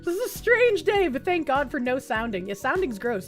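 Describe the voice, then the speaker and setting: A young woman streamer chatting casually and crudely with her chat, reading donations and laughing often, her voice jumping up loud and high. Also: very animated, normal speed, soft background music.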